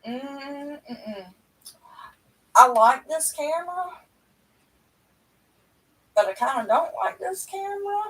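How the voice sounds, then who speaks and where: Middle-aged lady rambling on a webcam stream at home, kinda high voice, sits back from the mic. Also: animated, unhurried, long pauses, a bit bright. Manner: chatty, rambling, folksy. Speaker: livestream host. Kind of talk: casual chat to viewers. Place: at home indoors. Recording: voice a bit far from the mic.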